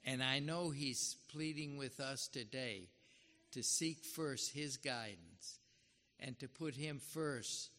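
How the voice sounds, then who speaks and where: A man's voice: mid-range voice, slow pace, bright, forceful tone. A man giving an earnest, dramatic sermon and acting out the scripture he quotes. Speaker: preacher. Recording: reverberant hall.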